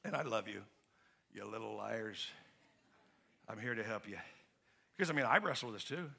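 A man's voice: lowish voice, expressive, moderate pace, vocal fry, pushed and bright, husky. A man pastor preaching a sermon in an emphatic, conversational way, asking the congregation to finish his questions. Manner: emphatic and conversational, with frequent restarts.

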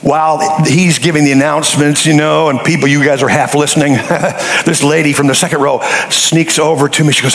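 Folksy preacher with a gravelly voice. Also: male voice, fairly high pitch, brisk, few pauses, roomy sound, poor audio. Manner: folksy, joking, animated storytelling. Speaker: pastor. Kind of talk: sermon. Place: church sanctuary.

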